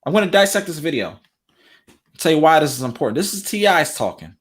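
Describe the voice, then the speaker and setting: A man's voice: fairly high pitch, very animated, a little fast, a bit bright. A man hosting a relationship talk show, giving casual commentary straight to his viewers and repeating phrases for emphasis.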